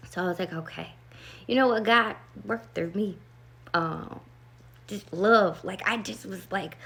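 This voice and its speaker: A woman's voice: medium pitch, moderate pace, creaky, fairly bright tone. A woman vlogger telling a rambling, earnest story about meditation and love, full of "like" and asides. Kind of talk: casual storytelling to camera.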